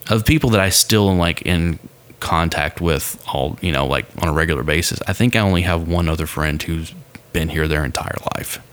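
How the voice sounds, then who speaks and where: A man's voice: low voice, brisk, fairly bright tone. A man chatting casually as a podcast guest, rambling with lots of fillers and restarts.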